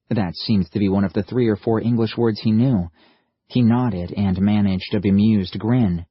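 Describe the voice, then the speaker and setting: A man reading an audiobook as narrator, telling the story in a steady, even way. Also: lowish voice, moderate pace, husky, dry recording. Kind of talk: scripted narration. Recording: slightly muffled lo-fi audio, dry.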